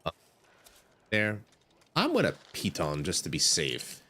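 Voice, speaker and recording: A man's voice: low voice, huge pitch swings, measured pace, bright, forceful tone. A man doing let's play commentary, chatty and self-mocking as he talks himself through the game. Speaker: gaming streamer.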